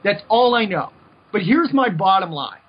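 High and sing-song yet husky, this US podcast host speaks at a normal speed through a fiery, repetitive opinion rant full of stumbles and restarts. The sound is dull and lo-fi.

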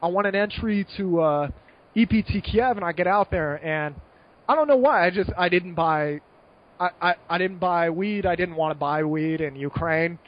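High-voiced rambling young American man. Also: moderate pace, highs cut off. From United States. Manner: rambling, animated, lots of fillers and restarts. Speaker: guest. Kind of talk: casual podcast chat.

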